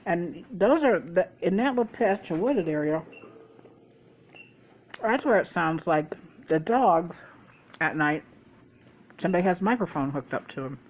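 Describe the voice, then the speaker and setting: Chatty middle-aged woman vlogger, low-pitched. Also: lively intonation, unhurried, long pauses, a little hiss or hum. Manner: chatty, swears freely, gossipy asides. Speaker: mukbang vlogger. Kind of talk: casual rambling storytime.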